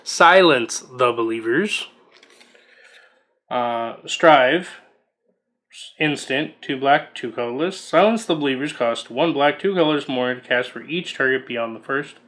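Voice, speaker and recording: Opening booster packs, a man casually reads the trading card text aloud and muses between cards, unboxing-style. His mid-range voice is unhurried and slightly bright.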